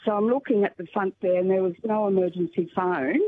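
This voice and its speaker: A woman's voice: medium pitch, brisk, slight background noise. Woman telling a story by phone. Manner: animated, laughing storyteller. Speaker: radio caller. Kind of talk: telling a funny anecdote. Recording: tinny phone line.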